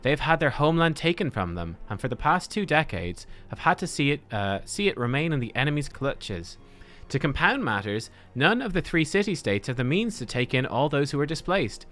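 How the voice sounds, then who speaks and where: A man voicing an earnest, formal young male scholar, reading game dialogue in a measured, old-fashioned way. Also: on the high side, big pitch swings, a bit bright, pitched above the performer's own voice.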